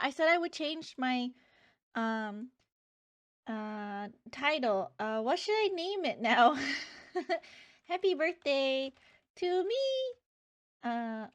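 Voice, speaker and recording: Young woman, live streamer, casual chat, giggly, high voice, faint music behind. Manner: chatty, reads chat aloud, giggly.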